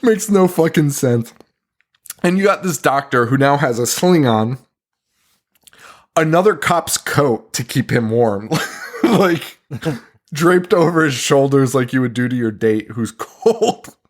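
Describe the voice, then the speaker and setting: A podcast co-host with an animated, mid-range voice takes his time recapping a film scene by scene. He swears often and laughs in disbelief throughout this casual movie review chat.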